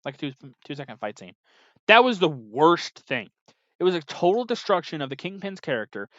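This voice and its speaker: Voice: mid-range voice, very animated, brisk, fairly bright tone, no echo, highs cut off. A TV reviewer talking casually, exasperated and sarcastic, rambling with lots of filler "like"s. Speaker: TV episode reviewer.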